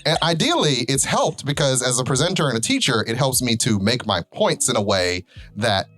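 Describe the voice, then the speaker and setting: A man co-hosting a casual podcast, a teacher who playfully mangles words on purpose. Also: medium pitch. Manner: playful, deliberately mispronounces words for comic effect; lively and talkative. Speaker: podcast co-host; teacher and presenter. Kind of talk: casual chat.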